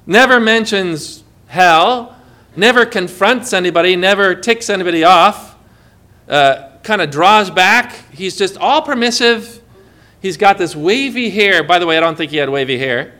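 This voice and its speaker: A man preaching a sermon in an animated way, often putting questions to the congregation. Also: high voice, moderate pace. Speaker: pastor.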